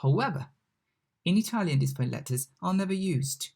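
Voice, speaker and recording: A language mentor giving a recorded online lesson, patiently repeating each example word slowly. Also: medium pitch, expressive, vocal fry, darkish tone.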